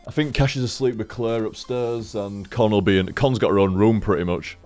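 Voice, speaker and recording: A man's voice: on the low side, a little fast, darkish tone, soft background music. A young man streaming from home into a desk microphone, rambling casually, swearing freely and chatting to his cat. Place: home room. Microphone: studio microphone on a desk stand.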